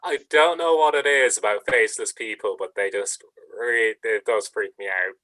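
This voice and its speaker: A man's voice: on the low side, normal speed, sharp tone, no echo, low-quality recording. Man chatting casually, dry sound. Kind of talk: casual group chat on a livestream.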